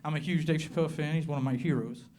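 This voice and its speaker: A man from southern Appalachia with a Southern American accent, performing a stand-up comedy set and slowing his punchlines down to a deadpan. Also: fairly high pitch. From southern Appalachia, USA. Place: comedy club with live audience.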